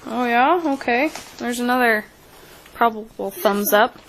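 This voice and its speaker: Chatty mom vlogger, slightly high voice. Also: female voice, measured pace, a crowd in the background, poor audio. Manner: chatty, reads product names aloud, coaxes her kids. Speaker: mother filming her kids. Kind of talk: casual home unboxing vlog. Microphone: camera mic.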